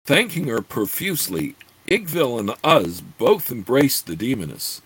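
A man narrating a fantasy audiobook in an expressive, lively read-aloud way. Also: medium pitch, a little slow, few pauses, breathy edge, no room sound.

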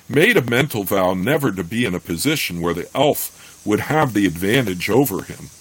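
A man with a low, slightly husky voice reads fantasy prose aloud at an even pace. Between passages he talks it over, hesitant and full of fillers. His pitch moves a lot as he speaks. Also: rough recording. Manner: hesitant, many fillers and restarts in commentary; plain steady reading of the narration. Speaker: podcast host reading a novel aloud and discussing it. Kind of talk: reading aloud then casual commentary.

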